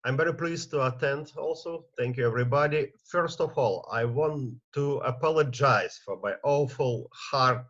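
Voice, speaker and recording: A man with a Russian accent giving halting panel remarks over a video call, with many pauses and fillers. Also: mid-range voice, a bit bright, muffled recording. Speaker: panel speaker.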